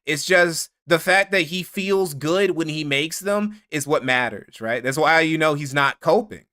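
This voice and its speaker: A man's voice: a little high, a little slow, sharp tone. A man streaming commentary, swearing freely, mocking his targets and thanking donors. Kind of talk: casual live-stream commentary.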